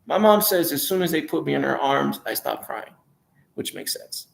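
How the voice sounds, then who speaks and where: Gravelly man rambling through a personal story. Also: fairly high pitch, very animated, normal speed. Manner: rambling, hesitant, repeats himself, self-corrects. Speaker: vlogger telling his life story.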